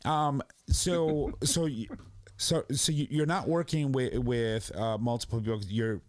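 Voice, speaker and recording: A man's voice: mid-range voice, steady tone, measured pace, no room sound. A man hosting a podcast, playful and teasing, often restarting his sentences. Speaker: podcast host. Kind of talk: casual podcast chat.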